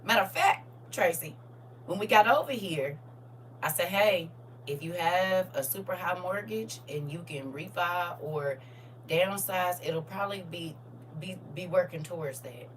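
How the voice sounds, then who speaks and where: An older woman, hosting a casual live chat, laughing and swinging between soft asides and loud high bursts. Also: measured pace, recorded from a distance, a little hiss or hum. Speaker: host reading viewer comments.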